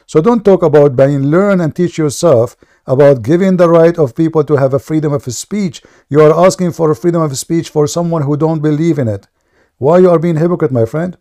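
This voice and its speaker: Man, english, halting then forceful, mellow dark tone, debate host. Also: a little high. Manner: halting, many restarts, then heated and forceful. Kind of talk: live online debate.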